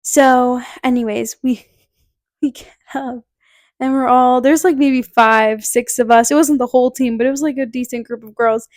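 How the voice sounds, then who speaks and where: A woman's voice: high-pitched, fairly even intonation, moderate pace, a little mellow, no echo, clean studio sound. A young woman from Connecticut hosting a podcast, telling a personal story in a chatty way, with lots of "like" fillers and laughter. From Connecticut, USA. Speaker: podcast host. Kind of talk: casual storytelling.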